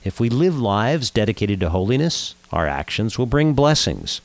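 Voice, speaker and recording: A man's voice: lowish voice, moderate pace, no room sound. A man from Southern California hosting a radio show, telling jokes and giving a short Torah talk. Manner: lively, animated storytelling.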